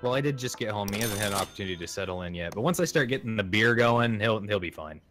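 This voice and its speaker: A man's voice: fairly low pitch, quick pace, faint music behind. A man from the Seattle area chatting casually as a guest on a live stream. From Seattle area, USA. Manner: chatty, animated when ranting.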